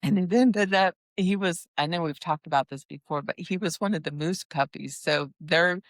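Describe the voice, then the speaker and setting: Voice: mid-range voice, normal speed, no echo. A dog breeder telling stories in a casual, rambling chat full of asides. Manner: chatty and rambling, with many restarts and asides.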